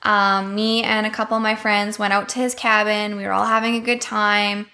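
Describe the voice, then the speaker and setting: A woman's voice: medium pitch, flat delivery, normal speed, sharp tone. Candid, profane woman. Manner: candid, profane, heavy filler words. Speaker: podcast guest. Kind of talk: casual storytelling.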